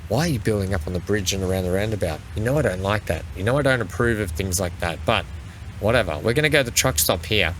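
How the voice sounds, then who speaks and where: A man narrates his game session in a casual, chatty way, scolding and cheering the vehicles on screen. His voice sits low but has a bright, forceful edge. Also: fast, a little hiss or hum. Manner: chatty, talks to the game's vehicles. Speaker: gaming channel host. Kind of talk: let's play commentary.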